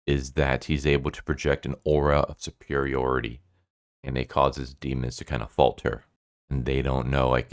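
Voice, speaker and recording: A man's voice: rumbling low, no room sound, clean studio sound. A man giving a casual, rambling plot recap of a manga, full of "like" fillers. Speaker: manga reviewer.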